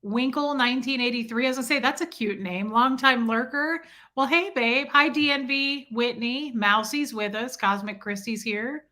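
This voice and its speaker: A woman with a fairly high, bright, forceful voice hosts a casual livestream, speaking at normal speed with few pauses. She's chatty, reading out viewer names in a roll call and talking about her day, and mentions her son and living in Michigan, as an adult with a child.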